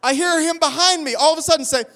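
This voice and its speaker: A man preaching a sermon, telling a funny, self-deprecating story in an animated way. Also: very high voice, quick pace. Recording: long hall reverb.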